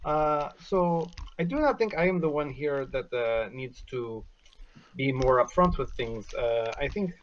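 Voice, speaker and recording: A man playing a stubborn, defiant adventurer who insists the quest is his own, talking with halting fillers when unsure. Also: mid-range voice, expressive, dull audio, a little hiss or hum, lightly acted. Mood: indignant. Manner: defiant, curses, many filler ums. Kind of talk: in-character tabletop role-play.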